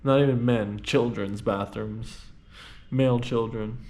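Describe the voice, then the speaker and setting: A man's voice: mid-range voice, steady tone, unhurried, dark tone. A man reacting to political clips with blunt, scornful casual commentary as the host.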